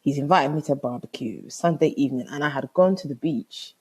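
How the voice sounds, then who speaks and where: Podcast host, female: mellow husky tone, animated casual storyteller, swears freely. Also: very deep voice, fairly quick. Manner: animated, swears freely, acts out both sides of conversations.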